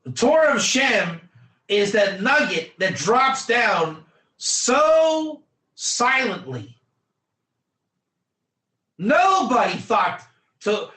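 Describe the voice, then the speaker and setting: Man, teacher, high voice, emphatic, repeats himself, echoey room. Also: pushed and bright. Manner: emphatic, repetitive, quizzes students by name. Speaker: Torah teacher. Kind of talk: energetic classroom lecture.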